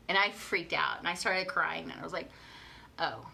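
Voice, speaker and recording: Young female life coach, chatty live talk, bright tone, repeats herself. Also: fairly low pitch, expressive, normal speed, gravelly, slightly rough. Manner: chatty, repeats herself, reads viewer comments aloud.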